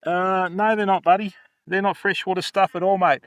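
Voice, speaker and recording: A man's voice: high voice, fairly even intonation, normal speed, a bit bright, no room sound. An older man hosting a fishing livestream, chatting casually and joking with viewers. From Australia. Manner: chatty, jokey, laughs often, addresses chat by name.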